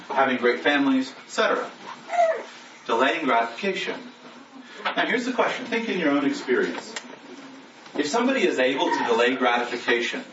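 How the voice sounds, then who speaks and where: A man preaching as a pastor in a conversational style, asking the congregation rhetorical questions. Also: medium pitch. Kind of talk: sermon. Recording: roomy echo, distant mic, lo-fi with noise.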